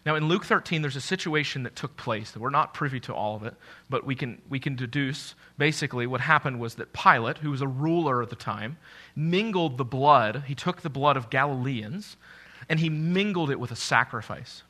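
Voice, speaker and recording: A man's voice: normal speed, pushed and bright. A man preaching a sermon as pastor, earnest, often restarting phrases and rising in force when he acts out what doubters say. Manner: earnest, repeats words when restarting, rises in pitch and force when quoting doubters.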